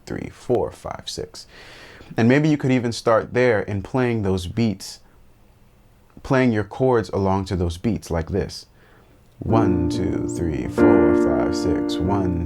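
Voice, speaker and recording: A man with a lowish voice walks through a piano lesson, explaining chords and rhythm in plain, friendly terms to his viewers. He counts beats aloud as he demonstrates, with soft piano playing behind him. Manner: friendly direct address to viewers. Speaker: piano teacher and worship leader.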